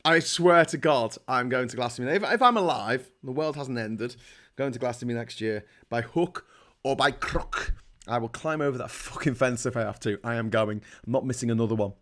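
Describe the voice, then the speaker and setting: A man's voice: mid-range voice, fairly quick, a bit bright. A man with a Liverpool accent hosting a casual livestream, reading viewer comments aloud and reacting in a blunt, sweary, rambling way. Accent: Liverpool (Scouse). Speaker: livestream host.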